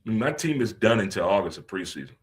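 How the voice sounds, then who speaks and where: A man hosting a casual talk radio show, joking and animated, swinging between loud outbursts and low muttering. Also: fairly quick. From St. Louis.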